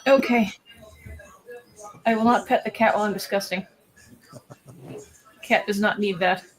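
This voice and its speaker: A woman's voice: mid-range voice, fairly even intonation, normal speed, soft background music, rough recording. A woman playing a tabletop role-playing game, chatting in an upbeat way. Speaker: player. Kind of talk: casual tabletop play.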